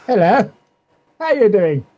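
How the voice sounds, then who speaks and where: A man's voice: high-pitched, very animated, slow pace, muffled recording. A man joining a casual live stream as a panelist, making dry quips. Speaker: guest panelist.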